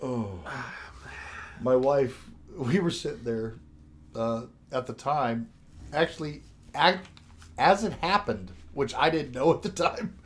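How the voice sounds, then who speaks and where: A man's voice: mid-range voice, slow pace, pauses often. An older man and show host telling a story in casual chat, laughing often as he goes. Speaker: podcast host.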